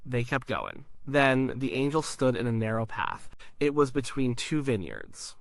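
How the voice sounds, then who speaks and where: A man's voice: medium pitch, expressive, measured pace, dry recording. A man narrating a Bible story in short, simple sentences with emphatic repetition.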